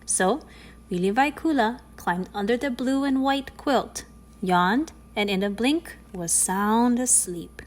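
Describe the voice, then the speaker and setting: Expressive woman reading a children's story. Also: on the high side, slow. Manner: expressive, playful.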